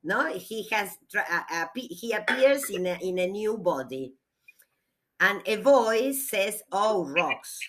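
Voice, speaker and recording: Slow-paced woman teacher. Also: medium pitch, expressive, fairly bright tone. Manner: slow explanatory reading with hesitations. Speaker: literature teacher. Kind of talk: classroom lecture. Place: classroom.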